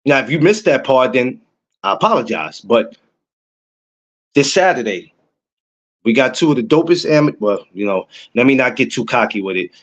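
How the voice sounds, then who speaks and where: Young guy hosting a live stream, hyped up, keeps repeating himself, middle pitch. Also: normal speed, long pauses, dull audio. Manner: excitable, repeats himself, talks to chat viewers. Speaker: podcast host. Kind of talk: casual livestream chat.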